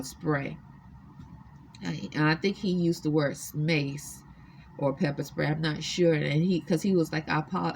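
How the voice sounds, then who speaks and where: A woman's voice: deep voice, darkish tone, a little hiss or hum. A woman earnestly recounting her own experiences to the camera from a hotel room, insistent and emphatic. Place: extended-stay hotel room.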